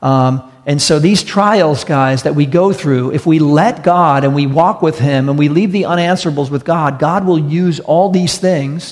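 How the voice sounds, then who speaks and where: A man's voice: a little high, darkish tone. Earnest preacher man in a reverberant hall. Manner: earnest, repetitive emphasis, storytelling. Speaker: pastor. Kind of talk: sermon. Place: church hall with audience.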